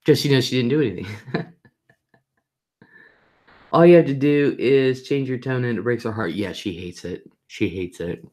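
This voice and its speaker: Her extremely low, darkish voice has lively intonation, a moderate pace and long pauses. The middle-aged woman hosts a casual live stream, reading comments aloud and telling family stories chattily, repeating herself for emphasis and imitating voices from those moments.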